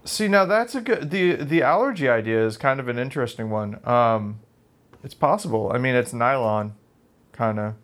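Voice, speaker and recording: A man's voice: medium pitch, lively intonation, moderate pace, a bit bright. A man co-hosting a podcast in casual chat, telling rambling self-deprecating stories full of fillers. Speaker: podcast co-host.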